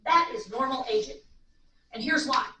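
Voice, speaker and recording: A woman lecturing a live audience on aging in an animated way, acting out little voices, in a seminar room. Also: high voice, moderate pace. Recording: echoey room, distant mic, faint noise.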